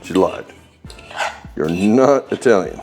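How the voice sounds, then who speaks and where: A man's voice: low voice, animated, slow, a little mellow, faint music behind. A man hosting a home cooking video, demonstrating a recipe in a chatty, joking way with bossy asides. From United States. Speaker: home cooking channel host.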